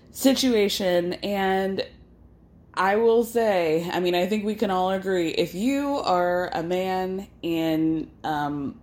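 A woman's voice: lowish voice, a little mellow. A woman hosting a podcast, giving a casual, chatty recap of a reality show with sarcastic asides and quotes acted out in her own voice. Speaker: podcast host.

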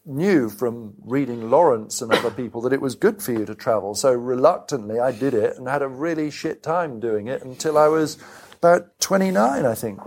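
A man's voice: mid-range voice, a little mellow. A man being interviewed about his book at a live event. He talks in a rambling, self-deprecating way with frequent restarts. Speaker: author and guest. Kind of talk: conversational onstage interview. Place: live event venue with an audience.

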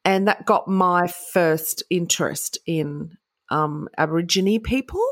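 A woman's voice: fairly low pitch, unhurried, no echo, studio quality. A woman co-hosting a casual podcast, chatting and reading history notes aloud in a chatty, joking way. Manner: chatty, laughs, breaks into jokey voices. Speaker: podcast co-host.

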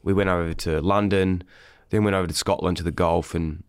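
Deep-voiced Australian podcast host. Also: male voice, steady tone, a little fast, smooth, dry recording, studio quality. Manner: rambling, swears freely, trails off and restarts. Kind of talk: casual podcast chat.

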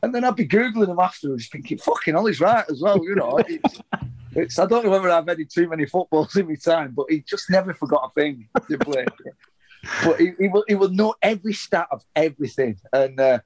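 A man's voice: a little high, animated, brisk, a little mellow. A man, a former footballer, telling rambling anecdotes in a casual interview, swearing heavily and restarting his sentences often.

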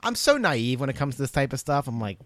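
Animated young man telling a story, dry sound. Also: medium pitch, fast, dry recording. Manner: animated, rambling with many fillers. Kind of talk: casual storytelling chat.

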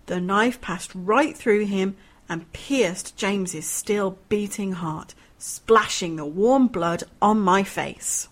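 A woman narrating a horror story aloud in an expressive, dramatic reading with a cheery touch. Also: mid-range voice, takes it slowly.

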